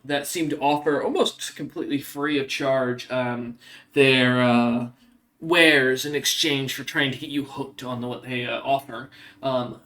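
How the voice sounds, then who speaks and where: A man narrating a tabletop game as game master, halting, with many ums and uhs. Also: mid-range voice, a bit bright.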